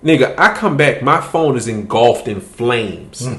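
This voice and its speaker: A man's voice: mid-range voice, lively intonation, unhurried, a bit bright, echoey room. A man hosting a podcast, telling a story in casual, profane chat and laughing as he goes. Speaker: podcast host.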